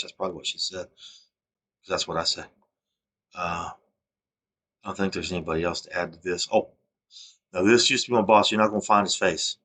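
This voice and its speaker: A man with a very low, deep voice talks straight to camera in a long, rambling monologue. He sounds agitated and keeps restarting his sentences, and his voice swings from a low mutter up to loud bursts. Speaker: vlogger.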